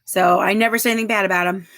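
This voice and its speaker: A woman's voice: medium pitch, brisk, fairly bright tone. A woman in her thirties hosting a casual livestream, reading viewer comments aloud and chatting, giggling often. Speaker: livestream host.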